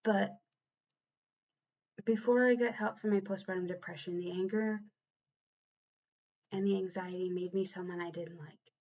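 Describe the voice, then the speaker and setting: Young woman, mid-pitched, earnest and halting, restarting her sentences as she speaks in a confessional vlog, slightly dull lo-fi recording. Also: fairly even intonation, darkish tone. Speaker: vlogger and new mother.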